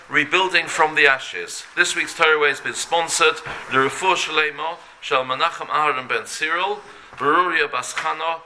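A man reading out dedications and announcements in a brisk, matter-of-fact way. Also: fairly high pitch, bright, forceful tone, slight background noise, low-quality recording.

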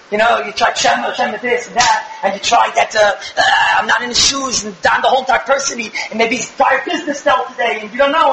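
A young man giving an animated religious lecture to a live audience, firing rhetorical questions with bursts of shouting. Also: extremely high pitch, vocal fry, roomy sound, slight background noise, rough recording. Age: young adult. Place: room with an audience.

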